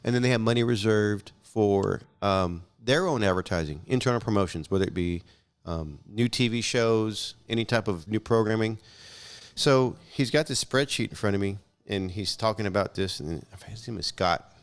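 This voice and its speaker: A man's voice: lowish voice, moderate pace, smooth. A young adult man in casual chat on a podcast, telling stories bluntly with swearing and acting out the dialogue. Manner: blunt, profane, animated storyteller acting out dialogue. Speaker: podcast guest.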